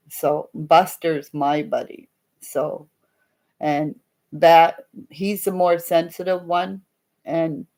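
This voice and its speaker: Slow, rambling woman. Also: low voice, a little mellow. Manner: rambling, chatty, laughs often. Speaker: livestream host. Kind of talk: casual live chat with viewers.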